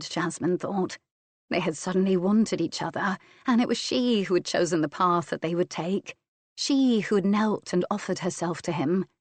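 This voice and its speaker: A woman narrating an audiobook of a romance novel with a slow, sensual, deliberate reading. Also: fairly low pitch, a little mellow, no echo.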